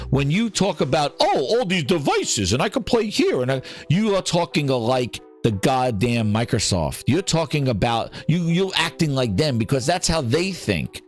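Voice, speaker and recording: A man hosting a gaming podcast, ranting in a heated, profane and sarcastic way. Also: mid-range voice. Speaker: podcast host.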